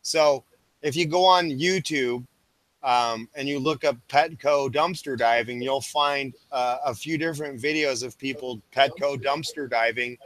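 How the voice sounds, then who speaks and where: A man's voice: mid-range voice, fairly bright tone. A man hosting a casual stream, telling a rambling story full of fillers and restarts. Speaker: stream host.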